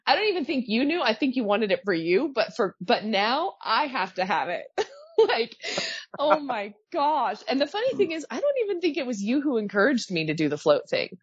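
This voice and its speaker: A woman in her thirties co-hosting a podcast, chatting excitedly and laughing as she acts out other people's lines. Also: a little high, moderate pace, husky, no room sound. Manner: animated, laughing, mimics others in quoted voices. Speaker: podcast co-host, pilot. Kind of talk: casual podcast chat. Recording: dry, slightly dull podcast mic.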